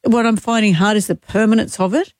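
A woman's voice: mid-range voice, steady tone, a little fast, a little mellow, dry recording. Woman, 60s, radio co-host, emotional and candid, dry studio sound. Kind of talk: casual breakfast radio chat.

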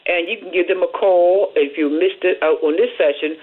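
A woman hosting a community radio show, reading announcements in a folksy way and chatting with listeners as she repeats phone numbers slowly. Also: fairly low pitch. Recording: tinny phone-like radio audio.

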